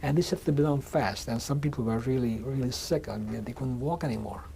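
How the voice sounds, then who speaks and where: Recorded in a museum interview room, a man in his sixties recounts his past for an oral history. His voice sits at a middling pitch, mellow and dark-toned with some vocal fry. He halts, circles back, restarts phrases and repeats words, with a faint hum behind him.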